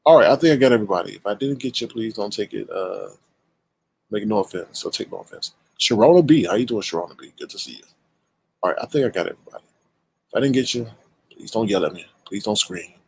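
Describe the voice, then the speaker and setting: A man with a lowish, breathy voice and vocal fry hosts his own stream, calling out viewers one by one. The shout-outs are playful and animated, greetings drawn out, and the recording quality is low.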